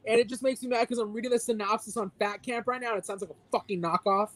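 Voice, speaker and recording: A man's voice: high-pitched, fairly even intonation, fast talker, a bit bright, dry recording, poor audio. A man co-hosting a casual podcast, delivering a heated, profanity-filled mock rant. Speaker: podcast co-host.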